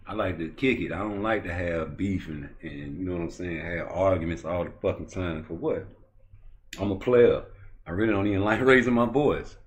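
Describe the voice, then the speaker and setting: A man hosting a YouTube boxing talk show, ranting profanely and swinging from low muttering to loud, heated outbursts. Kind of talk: ranting commentary.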